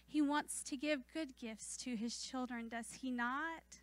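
A woman preaching a sermon in church, fervent and building to emphatic declarations, then softening into gentle storytelling. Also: high voice, measured pace, few pauses, no echo. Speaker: church speaker.

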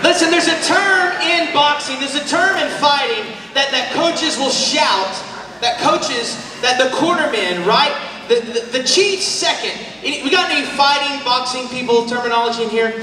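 A man preaching a sermon at a youth camp, energetic and shouting, calling the crowd to respond. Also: extremely high pitch, moderate pace, background noise. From Oklahoma, USA. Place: large church hall. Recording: echoey hall from far off.

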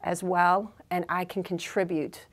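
A woman guest in a conversational interview, recounting her career with animated storytelling. Her voice sits a little low for a woman. She often restarts her sentences and fills pauses with "um" and "you know". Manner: animated, acts out quoted dialogue, many fillers and restarts. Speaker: interview guest, business executive.

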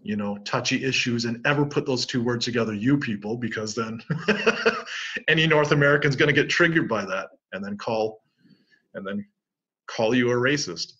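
A man's voice: medium pitch, brisk, bright, forceful tone, breathy edge. A middle-aged man from Canada, a guest in a casual interview, telling stories animatedly and acting out both sides of conversations. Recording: dull lo-fi audio.

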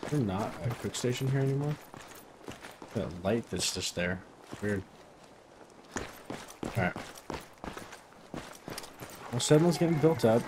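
Profane low-voiced man playing a game. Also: background noise. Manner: rambling, profane, self-deprecating. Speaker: let's play host. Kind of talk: casual gameplay commentary.

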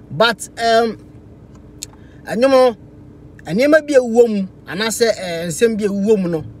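A man's voice: sits high, slight background noise. A man with a Ghanaian accent giving casual live commentary, mixing Twi and English. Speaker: music reviewer.

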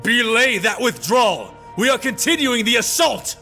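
A man's voice: sits high, expressive, a little slow, pushed and bright, faint music behind, heavily acted. A man voicing a furious middle-aged Jedi master who barks orders and growls through clenched teeth, in a storybook reading. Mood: commanding.

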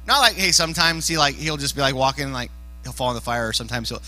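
A man giving a casual youth sermon as a youth pastor, animated and joking, often climbing to shouts. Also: mid-range voice, quick pace, dry recording, low-quality recording. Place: church youth service.

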